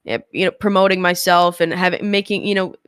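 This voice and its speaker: A woman's voice: lowish voice, fairly even intonation, a little fast, a bit bright, smooth, no echo, clean studio sound. A woman streamer chatting candidly as an interview guest, rambling a little and laughing often. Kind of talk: casual interview chat.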